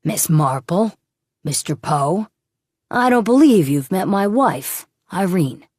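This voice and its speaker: Woman voicing a creepy smug bad guy in an audiobook, low gravelly voice, slow and mocking. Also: big pitch swings, dry recording, clean studio sound, exaggerated voice. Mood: menacing. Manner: cold, mocking, softly menacing. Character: smug cruel male kidnapper villain. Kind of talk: audiobook character reading.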